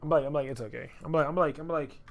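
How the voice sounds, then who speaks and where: A man's voice: fairly high pitch, quick pace, dull audio, a little hiss or hum. Slangy young man rambling on a live stream. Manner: loose, rambling, repeats phrases, slangy. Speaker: photographer live-streaming an edit. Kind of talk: casual live-stream chat.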